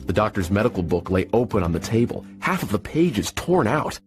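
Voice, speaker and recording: A man narrating an adventure story in a measured, steady storytelling manner. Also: on the low side. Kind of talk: scripted audiobook narration. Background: soft music.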